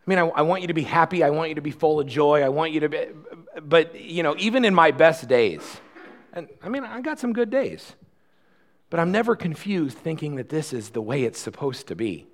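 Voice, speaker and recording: A man preaching a sermon in a conversational style, swinging from loud, fast passages to quiet, slow ones. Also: on the high side, expressive. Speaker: pastor.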